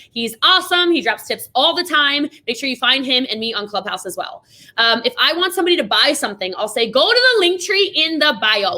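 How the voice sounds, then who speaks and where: A woman hosting a podcast, giving emphatic, fast-moving motivational business talk and acting out the voices she quotes. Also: on the high side, pushed and bright. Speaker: podcast host.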